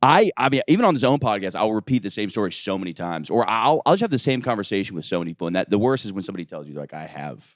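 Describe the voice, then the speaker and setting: A man hosting a comedy podcast, telling stories in quick, animated casual chat. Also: fairly low pitch, dry recording, studio quality. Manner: rapid, animated storytelling with frequent laughs and repeated "yeah". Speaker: podcast host.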